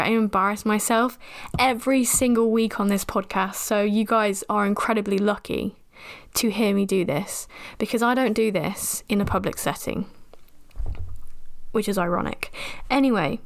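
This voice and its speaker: A young woman hosting a podcast and recapping a film in a chatty, rambling, self-deprecating way. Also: medium pitch. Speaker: podcast host.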